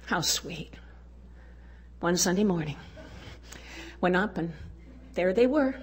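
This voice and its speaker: A woman with a fairly low, slightly rough voice speaks slowly but animatedly to a women's conference. She shares folksy stories with the live audience, chuckling frequently.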